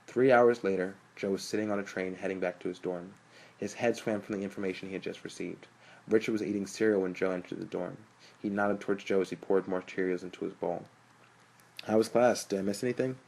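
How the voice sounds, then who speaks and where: A man reads a novel aloud in a steady, storytelling manner. His voice sits low and calm throughout the narration. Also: fast, vocal fry, low-quality recording. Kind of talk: audiobook narration.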